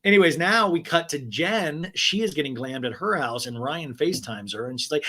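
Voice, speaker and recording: A man hosting a podcast, recapping a reality show in an animated, gossipy and profane casual chat. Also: a little high, moderate pace, few pauses. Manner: animated, gossipy, profane, laughs at own jokes. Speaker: podcast host.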